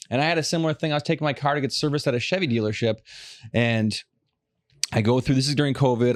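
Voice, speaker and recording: Fast-talking, cursing storyteller man. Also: mid-range voice, no room sound. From Los Angeles area. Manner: profane, fast storytelling rants. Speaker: podcast host. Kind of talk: casual chat.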